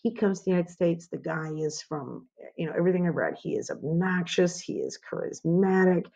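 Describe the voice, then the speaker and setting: A woman's voice: on the low side, lively intonation, brisk, creaky, mellow, lo-fi sound. A woman teaching a history lesson in an informal, conversational way, asking rhetorical questions as she goes. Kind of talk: informal classroom lecture.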